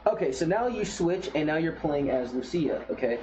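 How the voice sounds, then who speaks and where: A man riffing through a game trailer in a loose, foul-mouthed way, opinionated and blunt. His voice sits a little on the high side. The recording sounds slightly dull, with a faint hiss behind it. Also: expressive, moderate pace, few pauses. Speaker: gaming commentator. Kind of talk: casual reaction commentary.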